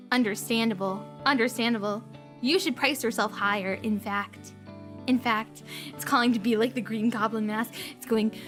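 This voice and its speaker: A woman's voice: on the high side, a bit bright. A young woman livestreaming, chatting casually with her viewers, giggling a lot and repeating her own phrases.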